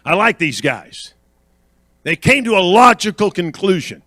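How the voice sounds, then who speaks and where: A man delivers a church sermon in a bright, forceful voice pitched a little high. He hammers phrases again and again and keeps checking that the congregation is with him. The sound is dry and close. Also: very animated, unhurried, pauses often, dry recording. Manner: emphatic, repeats phrases with rising intensity, quizzes the congregation. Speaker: guest preacher.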